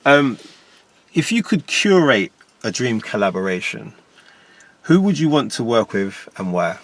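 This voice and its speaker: A man's voice: medium pitch, big pitch swings, measured pace, a bit bright. A man hosting a casual interview, supportive and laid-back. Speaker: podcast host.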